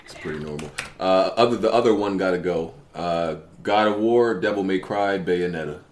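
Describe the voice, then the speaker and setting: Laid-back podcast host, echoey room. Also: male voice, deep voice, moderate pace. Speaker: podcast host reading listener questions. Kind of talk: casual podcast banter.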